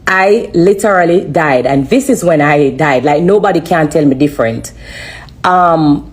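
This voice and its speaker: A woman giving an earnest, halting personal testimony on a live stream, often repeating herself. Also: sits low. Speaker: livestreamer sharing a testimony.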